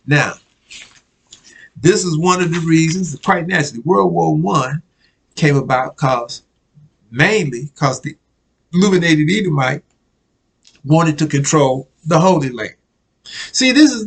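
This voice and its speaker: A man's voice: on the high side, animated, a little slow, gravelly, pauses often, slightly rough, rough recording. A man preaching a casual sermon, reading news clippings aloud and often asking if listeners follow him. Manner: conversational, keeps asking "you follow me?"; repeats himself, restarts words.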